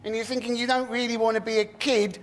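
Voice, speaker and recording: A man comedian on a panel show, telling jokes in a sardonic, deadpan way. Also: extremely high pitch, fast talker. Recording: noisy studio.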